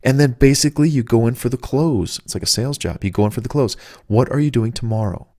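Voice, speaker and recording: A man's voice: medium pitch, fast talker, a little mellow, no room sound, clean studio sound. A man, the author, giving casual, rambling dating advice in a chatty, salesman-like way. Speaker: author reading and riffing on his own book.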